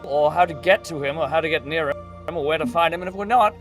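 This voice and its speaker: Guy in a dnd game, high voice, ribbing his party. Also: fast talker, faint music behind. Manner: teasing, questioning. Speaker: player. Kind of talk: in-character tabletop role-play.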